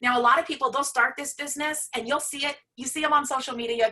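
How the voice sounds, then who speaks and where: A woman giving a passionate, emphatic motivational pitch about her business. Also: fast talker, bright, forceful tone. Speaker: presenter sharing her business story.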